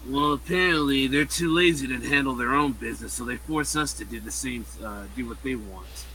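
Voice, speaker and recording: A man's voice: medium pitch, brisk, pushed and bright, slight background noise, low-quality recording. A man playing in an online tabletop game, chatting casually and laughing in a self-conscious way. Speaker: player.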